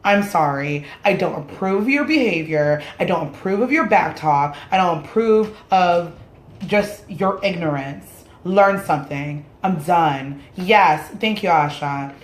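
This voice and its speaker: A woman's voice: fairly low pitch, lively intonation, measured pace. A woman whose first language is Spanish, ranting her opinions to camera in a blunt, casual way and swearing freely. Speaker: vlogger. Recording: roomy echoey room sound.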